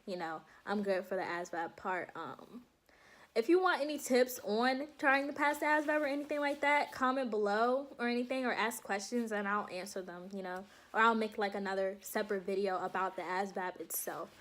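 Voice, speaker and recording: A young woman vlogging to her viewers in a casual, animated storytelling way, laughing often and calling them y'all. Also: mid-range voice. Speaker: vlogger recounting her enlistment processing.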